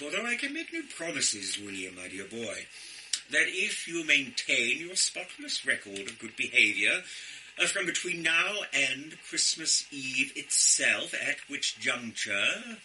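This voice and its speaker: A guy doing jolly ancient santa, big reassuring tone, posh and polite, bright voice. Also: medium pitch, sing-song, measured pace, a little hiss or hum, full character voice, rough recording. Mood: grandly reassuring. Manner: grandly reassuring, old-fashioned politeness. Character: jolly, very old male Father Christmas.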